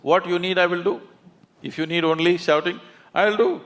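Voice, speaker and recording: A man's voice: sits high, steady tone, normal speed. Emphatic man, laughing. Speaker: spiritual teacher. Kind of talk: onstage conversation. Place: large auditorium.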